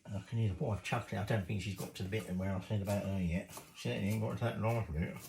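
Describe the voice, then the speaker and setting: A man's voice: lowish voice, steady tone, quick pace, vocal fry, a little mellow, a little hiss or hum, poor audio. A man chatting cheekily while cooking in his home kitchen, swearing casually as he goes. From Britain.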